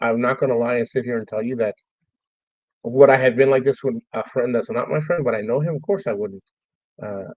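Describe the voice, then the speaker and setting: Halting, heartfelt man telling a story. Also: medium pitch, dry recording, muffled recording. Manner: halting, repeats words, profane, heartfelt. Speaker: streamer host. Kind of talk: emotional personal storytelling.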